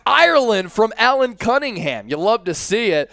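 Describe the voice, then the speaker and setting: A hyped-up man in his thirties runs a live sports stream from a studio, rattling off viewer shout-outs. His voice sits high and comes through smooth and clear. The sound is dry and close, with no room echo. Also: moderate pace. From Philadelphia area, USA. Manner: energetic, hyped, chanting with the chat.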